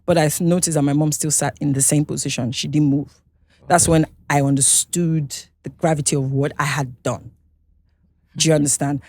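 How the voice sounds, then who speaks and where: A woman's voice: sits low, steady tone, a little mellow, no echo. Nigerian woman talking candid in an interview, starts and restarts, keeps asking if you follow, dry close sound. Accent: Nigerian English. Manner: halting, restarts often, checks in with "you understand?". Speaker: guest, singer.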